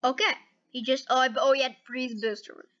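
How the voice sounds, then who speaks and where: A brisk, high-sitting female voice reacts casually and eagerly while hosting gaming content, saying "okay" and "dude" repeatedly. The audio comes across dull.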